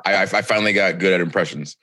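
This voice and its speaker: A man co-hosting a podcast, poking fun at himself in casual chat with halting restarts. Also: low voice. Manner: self-mocking, halting restarts. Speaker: podcast co-host.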